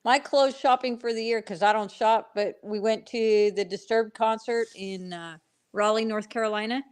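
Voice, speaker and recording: Female co-host, slightly high voice, easygoing chat, laughs along. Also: fairly even intonation, moderate pace, clear, resonant tone. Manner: laughs along, chimes in briefly. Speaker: podcast co-host. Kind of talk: casual chat.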